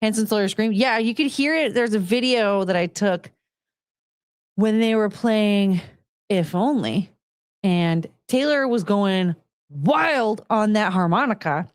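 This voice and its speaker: A woman's voice: mid-range voice, animated, unhurried, no room sound, clean studio sound. A woman in her thirties hosting a casual chat podcast, chatty and giggly, rambling with plenty of fillers. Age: 30s. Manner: giggly, chatty, frequent laughter. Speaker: podcast host.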